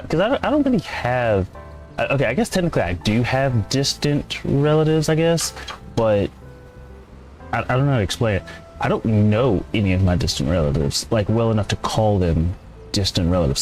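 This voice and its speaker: Casual male streamer, slightly low voice, chats loosely with viewers, faint music underneath. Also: a little mellow. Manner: chatty, rambling, reads and answers chat. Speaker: gameplay streamer. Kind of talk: casual live-stream commentary.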